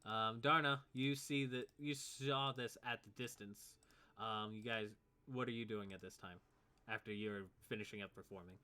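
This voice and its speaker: A man narrating as game master in a tabletop role-playing game, relaxed and loose, chuckling often. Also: lowish voice, normal speed, smooth.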